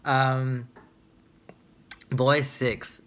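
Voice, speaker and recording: A man's voice: mid-range voice, flat delivery, very slow, a bit bright. Chatty young man telling stories. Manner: candid, chatty, filler-heavy storytelling. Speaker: vlogger. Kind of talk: casual storytime vlog.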